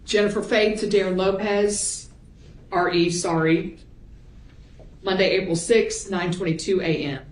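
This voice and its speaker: A woman prosecutor reading messages and timestamps aloud into the court record in a measured voice. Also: mid-range voice, fairly even intonation. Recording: echoey courtroom audio.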